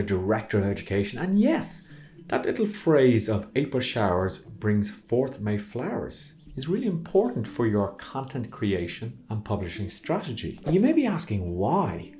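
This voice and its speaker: An Irish man hosting an upbeat marketing video, playful and animated with jokey asides. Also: mid-range voice, normal speed, faint music behind. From Ireland. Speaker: host.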